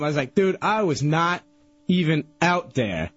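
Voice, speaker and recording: Excitable husky man telling a story. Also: on the high side, normal speed, no echo. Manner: excitable, rambling, restarts a lot. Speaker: radio show regular. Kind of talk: animated radio storytelling. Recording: dull lo-fi radio broadcast.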